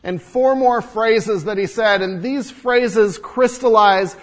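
High-voiced preaching man. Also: takes it slowly. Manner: dynamic, swings from hushed low tones to loud emphatic peaks; preaches with repetition and rhetorical questions. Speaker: pastor. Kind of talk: sermon.

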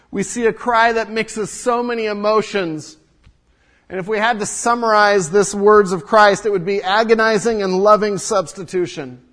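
A man preaching a sermon to his congregation, swinging from hushed low passages to loud emphatic peaks, with repetition and rhetorical questions. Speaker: pastor.

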